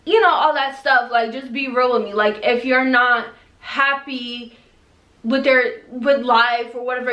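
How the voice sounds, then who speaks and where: A young woman telling a storytime vlog in a casual, animated and exasperated way, acting out both sides of an argument. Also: sits high, normal speed, echoey room, recorded from a distance. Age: young adult. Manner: animated, exasperated retelling with quoted back-and-forth. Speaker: vlogger.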